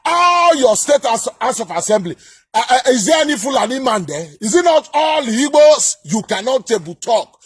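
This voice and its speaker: A man delivering an angry political rant, shouting, scolding and repeating himself. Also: very high-pitched, very animated, normal speed, husky, no echo. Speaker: political commentator.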